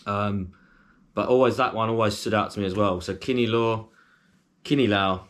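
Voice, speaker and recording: A man chatting casually to camera as a food vlogger, rambling a little and filling pauses with lots of ums. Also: fairly low pitch.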